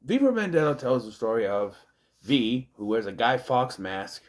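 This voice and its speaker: A man talks through a movie review in a loose, rambling way. His pitch swings up and down a lot, and he keeps breaking off into self-deprecating asides. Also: very animated, moderate pace. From United States.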